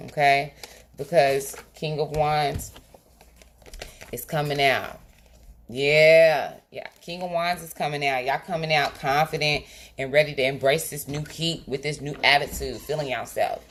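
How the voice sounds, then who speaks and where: A woman's voice: sits low, slight background noise. A woman doing a tarot reading straight to her viewers, in a casual, colloquial style. She is emphatic and often stops to check in with "okay?". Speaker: tarot reader. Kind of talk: direct-to-camera tarot reading.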